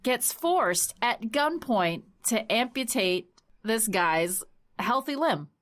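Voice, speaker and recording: High-voiced woman podcast host, jokey casual chat. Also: animated, fairly bright tone. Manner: jokey, quick, laughs often.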